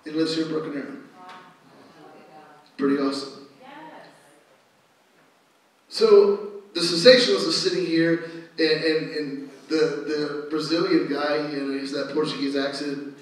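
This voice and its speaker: Animated preaching pastor in an echoey church. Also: male voice, on the high side, measured pace, pauses often, far from the mic. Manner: animated storytelling, rising to loud exclamations. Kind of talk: sermon. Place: church sanctuary.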